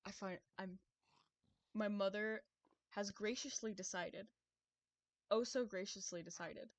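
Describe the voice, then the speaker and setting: A young adult woman talking casually to her live-stream viewers. She is excitable and rambling, swears freely, and trips over her words as she goes. Her voice sits at an ordinary middle pitch for a woman. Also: a little slow, no echo.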